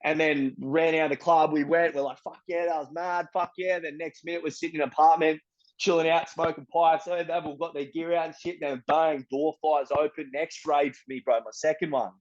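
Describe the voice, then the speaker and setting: A young Australian man telling his story as an interviewee, blunt and profane, full of street slang and animated retellings. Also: fairly high pitch, fairly quick, muffled recording. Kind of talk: casual storytelling.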